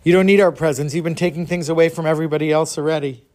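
A man's voice: fairly high pitch, fairly even intonation, rapid-fire, a little mellow, natural voice. A man voicing a boy's strict parents in a told story, firm and scolding.

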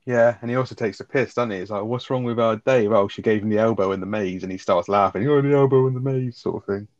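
A man in a casual chat about a sitcom episode, quick and full of fillers, swearing as he retells scenes. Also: fairly low pitch, little pitch movement, no echo. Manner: rapid, full of fillers like 'like', swears, quotes characters. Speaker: podcast co-host. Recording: dull lo-fi dry sound.

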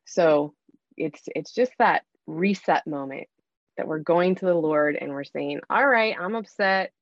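A woman's voice: low voice, a little slow, a little mellow, no echo, highs cut off. A woman giving earnest, coaching advice in a conversational talk, often acting out what to say to yourself.

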